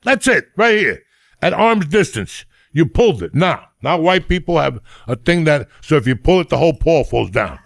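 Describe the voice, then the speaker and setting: A middle-aged man rants in a profane, rambling, comic way as a podcast host. His voice is gravelly and sits a little high, and it is recorded close and dry. Everything comes out loose, like talk between friends. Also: sing-song, moderate pace, no room sound. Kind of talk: crude comedic rant.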